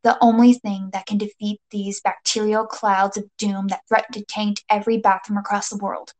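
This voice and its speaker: A woman's voice: medium pitch, flat delivery, moderate pace, a little mellow. A woman narrating a comic second-person adventure story with playful, dramatic delivery and jokey asides.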